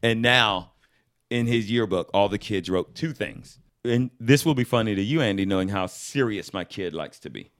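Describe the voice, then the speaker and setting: A man from Georgia, a guest actor chatting casually and telling animated stories. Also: lowish voice, moderate pace. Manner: animated storyteller who slips into voices. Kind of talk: casual chat.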